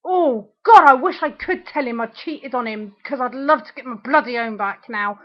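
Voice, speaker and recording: Furious, high-voiced woman ranting. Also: moderate pace, few pauses. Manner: furious, ranting, sarcastic, swearing. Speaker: video diarist. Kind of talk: angry ranting video diary. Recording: dull lo-fi webcam audio.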